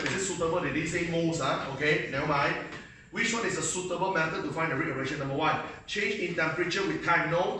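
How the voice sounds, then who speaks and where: A man with a Malaysian English accent, pitched a little high with a bright, forceful tone, lecturing a class and checking in with his students again and again. His voice echoes heavily around the room because the mic sits far from him, with faint noise underneath. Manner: drilling students with constant check-in questions. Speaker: chemistry teacher. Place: school classroom.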